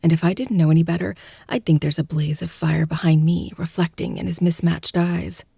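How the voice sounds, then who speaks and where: A woman narrating a first-person audiobook close to the mic, in a hushed, breathy, intimate delivery that often drops to a whisper. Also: lowish voice, steady tone, brisk, no room sound.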